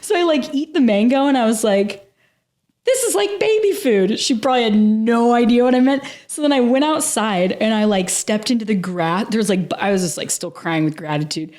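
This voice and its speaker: This woman's voice sits on the high side and is a little mellow, and she talks a bit fast. Guesting on a podcast, she tells a personal story casually, with heartfelt emotion and frequent "like"s.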